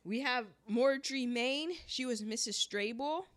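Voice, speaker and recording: A woman co-hosting a podcast in casual chat, talking with a sore throat and an animated manner. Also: a little slow. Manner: animated, rising to high exclamations. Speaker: podcast co-host. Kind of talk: casual chat about old movies.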